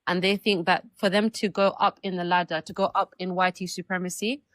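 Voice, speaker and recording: A woman from the UK on a live online panel, speaking fluently and bluntly in a measured way. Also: on the low side, little pitch movement, a bit bright, no room sound. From United Kingdom. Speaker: panel guest.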